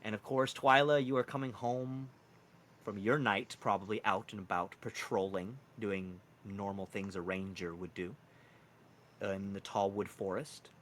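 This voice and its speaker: Bright-voiced male game master. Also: lowish voice, steady tone, a little slow, slight background noise. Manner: casual, lots of "like" and "kind of". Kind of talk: narrating a tabletop game.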